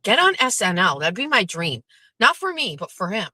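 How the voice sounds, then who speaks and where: A woman hosting her own show, chatting casually with lots of swearing and animated asides. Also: medium pitch, moderate pace, no room sound, rough recording. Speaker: host. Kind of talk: casual chat.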